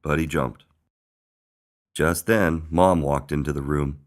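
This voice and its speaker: A man reading a children's picture book aloud in an expressive storytelling manner. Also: extremely low pitch, takes it slowly. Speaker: storybook reader.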